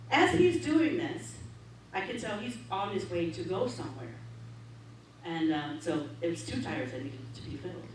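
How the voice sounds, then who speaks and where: Woman minister, storytelling sermon, animated and laughing, very echoey hall, distant mic, faint hum. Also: on the low side. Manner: animated, laughs often, acts out quotes. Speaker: minister giving a talk. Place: large hall of a spiritual center.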